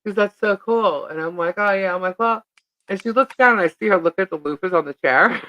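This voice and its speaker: A woman's voice: mid-range voice, lively intonation, moderate pace, sharp tone, dull audio. A woman co-hosting a live stream, telling a rambling story in casual chat, laughing often and filling with "uh" and "like".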